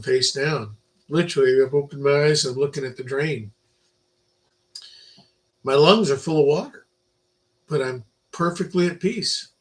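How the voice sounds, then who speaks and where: An older man giving an informal Bible lecture, rambling through personal stories and swinging between loud emphasis and quiet asides. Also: mid-range voice, rough recording. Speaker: Bible teacher.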